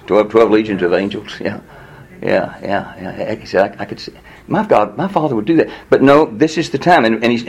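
Preaching in a conversational style, a male pastor acts out quotes with rising pitch and stays animated. He laughs and makes asides to the audience, chatting with listeners as he goes.

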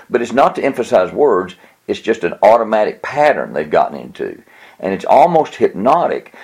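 A man's voice: low-pitched, darkish tone, slightly rough. A man giving an earnest, plain-spoken teaching talk on how to preach, with a chuckle now and then. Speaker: preaching instructor.

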